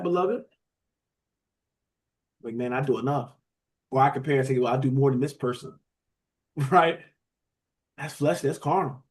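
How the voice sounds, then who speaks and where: Man preaching in a conversational style. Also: fairly high pitch. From United States. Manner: conversational preaching, asks the room questions and says "beloved". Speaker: teacher preaching a Bible study. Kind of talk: sermon.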